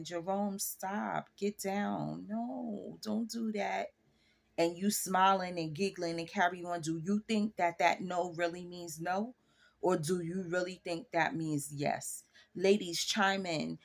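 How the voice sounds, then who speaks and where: A woman in her forties with a slightly low, voice, speaking frankly in a casual vlog. She chats straight to her viewers and sounds sure of her opinions. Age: 40s. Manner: frank, chatty, addresses viewers directly. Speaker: vlogger.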